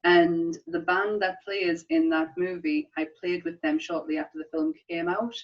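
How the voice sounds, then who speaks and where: A woman's voice: lowish voice, fairly even intonation, normal speed. A woman, co-hosting a casual film chat, talking enthusiastically and laughing often. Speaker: podcast co-host. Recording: slightly distant, dull sound.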